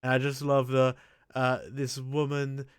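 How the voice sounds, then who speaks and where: A man's voice: mid-range voice, monotone, unhurried, clear, resonant tone, no room sound, clean studio sound. A man hosting a casual chat, rambling and crude with frequent restarts. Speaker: show host. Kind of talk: casual chat ranking anime.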